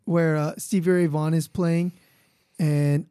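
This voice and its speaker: A man's voice: on the high side, little pitch movement, measured pace, warm tone, clear, resonant tone, dry recording, clean studio sound. A man hosting a podcast in casual chat, easygoing and telling stories. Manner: easygoing, storytelling. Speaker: podcast host.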